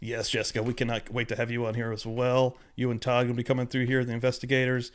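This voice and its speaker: A man's voice: medium pitch, completely flat delivery, fast talker. A man hosting a live-streamed podcast, chatting loosely and eagerly thanking viewers in the chat. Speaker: podcast host.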